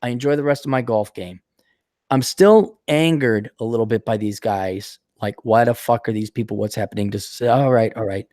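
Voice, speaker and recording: A man hosting a casual podcast chat, ranting with lots of swearing and animated storytelling. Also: on the low side, moderate pace, no echo, clean studio sound. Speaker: podcast host.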